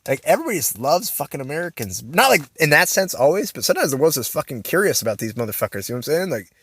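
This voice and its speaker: A man's voice: a little high, big pitch swings, rapid-fire, fairly bright tone, breathy edge, no echo. A young man telling a rambling, profane story in a vlog, full of slang and fillers. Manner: rambling, profane, filler-heavy slang, says "bro" constantly. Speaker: vlogger.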